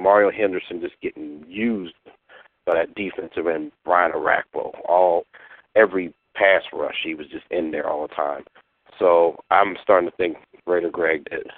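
Caller: very deep man, measured, talks in a dry, tinny phone line. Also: dry recording. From Florida. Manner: steady, analytical, fills with "I mean" and "you know". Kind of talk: phoned-in fan voicemail.

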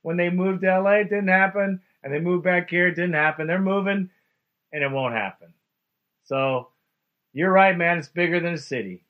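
A man's voice: high voice, moderate pace, phone-quality sound. A man hosting a call-in radio show, upbeat and friendly, calling callers bro and man.

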